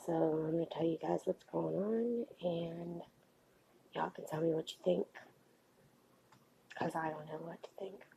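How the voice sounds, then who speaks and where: A woman vlogger talking quietly at home late at night so as not to wake anyone, halting and pausing with many fillers. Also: lowish voice, steady tone, gravelly, a little hiss or hum, poor audio. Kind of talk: late-night confessional vlog.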